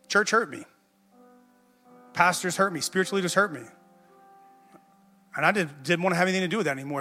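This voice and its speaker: Bright-voiced man preaching in a hall. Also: a little high. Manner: conversational, self-mocking, repeats words when excited. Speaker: pastor. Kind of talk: sermon storytelling. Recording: music under a long hall echo.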